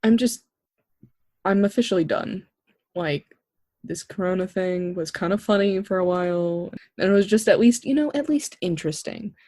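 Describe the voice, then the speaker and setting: Young co-host making quick dry jokes. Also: medium pitch, dry recording. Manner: jokey, animated, quick quips. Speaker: podcast co-host. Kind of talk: casual chat.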